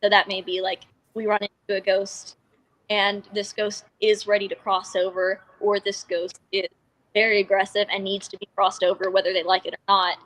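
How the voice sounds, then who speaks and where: A woman's voice: mid-range voice, little pitch movement, normal speed, a bit bright, low-quality recording. Woman chatting, matter-of-fact, just explaining stuff. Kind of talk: casual chat.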